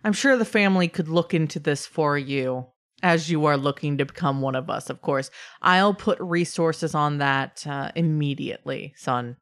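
A woman voicing a calm, fatherly male crime family boss who speaks softly and slowly to reassure. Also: low-pitched. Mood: paternal.

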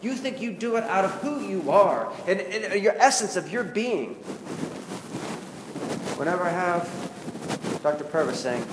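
This pastor speaks in a high-pitched, very animated voice, a little slowly and with long pauses. He offers his congregation a conversational, confessional sermon full of rhetorical questions, recorded in an echoey hall where background noise can be heard.

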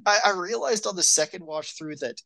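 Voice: medium pitch, a little fast, vocal fry, sharp tone, dry recording. A podcast co-host chatting casually about a movie, rambling with lots of "like" and "um". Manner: rambling, full of "like" and "um". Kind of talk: casual movie-review chat.

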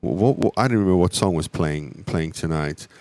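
A man's voice: sits low, a little fast, a little mellow, no room sound. A middle-aged man from South Africa with a South African accent, co-hosting a podcast in a rambling, casual way that often restarts his words. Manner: rambling, repeats words when starting. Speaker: podcast co-host.

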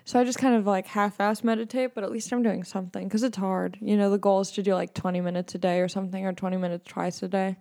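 A young woman hosts a podcast, rambling in a loose, sarcastic way. Her jokes land deadpan. Her voice has a warm, mellow darkness to it. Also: medium pitch, quick pace, gravelly, few pauses. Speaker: podcast host. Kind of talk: casual comedic monologue.

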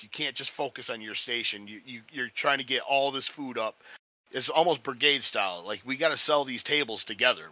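A man's voice: medium pitch, bright, forceful tone, dry recording, poor audio. A man chatting casually as a restaurant line cook, rambling, swearing a lot and sounding cocky. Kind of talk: casual podcast chat.

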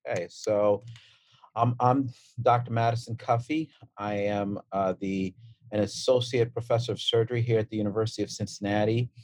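A man in his forties from Brooklyn with a Brooklyn accent, a transplant surgeon talking as a guest in a relaxed, storytelling way with fillers and restarts. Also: lowish voice, moderate pace, dry recording. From Brooklyn, New York. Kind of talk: casual interview talk.

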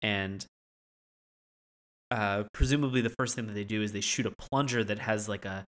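Hesitant mid-pitched podcast co-host. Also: moderate pace, fairly bright tone. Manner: hesitant, with filler "uh" and restarts. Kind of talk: casual chat recapping a cartoon episode.

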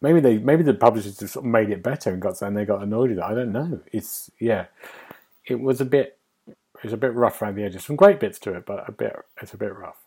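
A man's voice: fairly low pitch, quick pace, warm tone, slightly rough. A man hosting a casual games podcast, talking in a wry, musing way that often trails off. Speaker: podcast host and game reviewer.

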